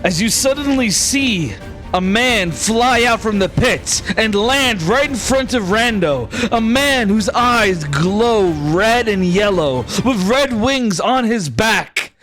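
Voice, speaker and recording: A man's voice: high voice, animated, fairly bright tone, faint music behind. A man narrating as game master for a tabletop game, drawing out his lines. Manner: slow, drawn-out narration.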